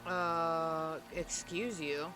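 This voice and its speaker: A woman playing a tabletop game, answering in character with indignant, quick retorts. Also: low voice, fairly even intonation, music in the background. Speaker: player.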